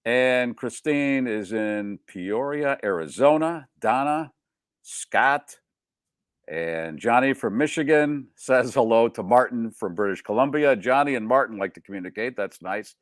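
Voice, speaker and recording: Male show host, mid-pitched, wisecracking, reads listener names, dry close studio mic. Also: expressive, measured pace, no echo. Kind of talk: casual live show banter.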